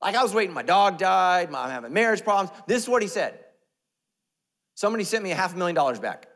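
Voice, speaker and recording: Male pastor, higher register, playful sermon delivery, swings between hush and shout, long church reverb. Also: fast talker. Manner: animated, joking, swings between loud and hushed. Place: church sanctuary.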